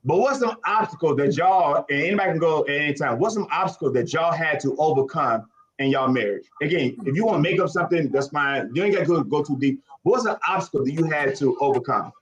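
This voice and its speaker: A man in his forties from Chicago, hosting a casual chat and giving animated, preachy advice. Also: on the high side, fast talker, muffled recording. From Chicago, USA. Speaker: host.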